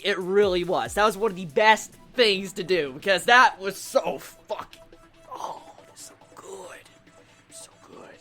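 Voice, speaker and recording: A woman reviewing an anime episode with gushing excitement, swearing often and bursting into shouts. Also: mid-range voice.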